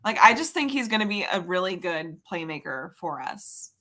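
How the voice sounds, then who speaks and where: A woman's voice: lowish voice, sing-song, moderate pace, pushed and bright. A woman co-hosting a podcast, giving easygoing football opinions and laughing easily. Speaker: podcast co-host. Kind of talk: casual sports chat.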